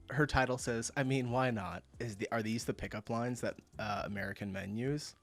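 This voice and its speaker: Young male host riffing on clips, easygoing and amused, medium pitch. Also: normal speed. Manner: laughs often, chatty and amused. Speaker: reaction video host. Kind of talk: casual reaction commentary.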